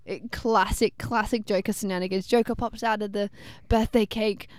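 A woman's voice: medium pitch, fairly even intonation, moderate pace, no echo, clean studio sound. Chatty woman gushing about comics. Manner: enthusiastic, chatty, many fillers. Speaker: podcast co-host. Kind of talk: casual pop-culture chat.

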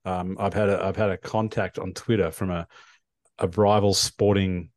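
A man's voice: sits low, little pitch movement, moderate pace, darkish tone, no echo, clean studio sound. A man co-hosting a radio show over a video call, with a scratchy sore throat, rambling and laughing at himself. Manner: rambling, self-deprecating, laughs often. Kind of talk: casual chat.

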